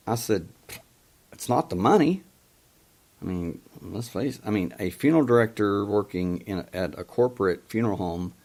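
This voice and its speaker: Slow, low-voiced male talk show host. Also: darkish tone. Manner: storytelling, quoting past conversations, emphatic. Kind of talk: call-in talk show monologue.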